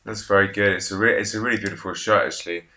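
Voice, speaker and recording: A man interviewing a guest, asking encouraging questions in a halting way and offering praise. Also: lowish voice, fairly even intonation, bright, forceful tone. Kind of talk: casual interview.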